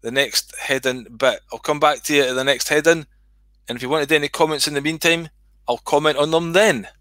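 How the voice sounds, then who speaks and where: A man's voice: a little high, steady tone, brisk, sharp tone, no room sound. A middle-aged Scottish man reading his comedy skit aloud on a livestream, swearing freely and chatting to viewers.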